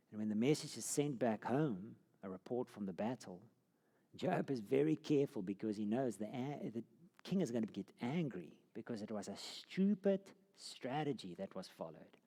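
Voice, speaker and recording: A man's voice: mid-range voice, lively intonation, moderate pace, dark tone. A man teaching a Bible course, telling the story dramatically and sinking to a near whisper at key moments. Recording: long hall reverb.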